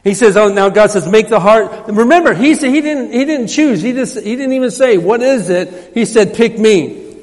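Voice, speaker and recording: A man's voice: high-pitched, lively intonation, moderate pace, a little mellow. A man preaching a sermon in a church, emphatic and repetitive, his voice rising when he quotes scripture. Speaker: pastor. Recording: hall reverb.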